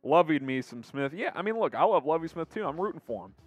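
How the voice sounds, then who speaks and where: A man hosting a live sports show, quickly reading viewer names and comments aloud in an upbeat way. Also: a little high, big pitch swings, dry recording, faint music behind.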